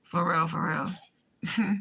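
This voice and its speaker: A woman's voice: on the low side, fairly even intonation, drawn-out words, vocal fry, pushed and bright, slightly rough, low-quality recording. A woman in a direct-to-camera vlog rant, swearing often and pleading with emphatic repetition. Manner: impassioned, pleading. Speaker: vlogger addressing viewers.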